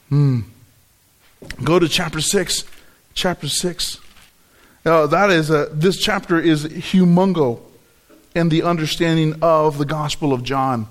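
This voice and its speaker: A man delivers a sermon in a fairly high voice. He is emphatic, often repeating words and slowing to stress key phrases as he explains scripture. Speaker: preacher.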